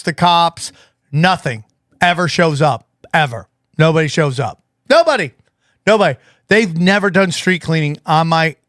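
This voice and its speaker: A man with a high voice tells a story on a podcast. He acts out every line people said and his voice climbs into excited shouts. The sound is dry and close. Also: dry recording. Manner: animated, acts out quotes, rising to shouts. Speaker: podcast co-host. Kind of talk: casual storytelling chat.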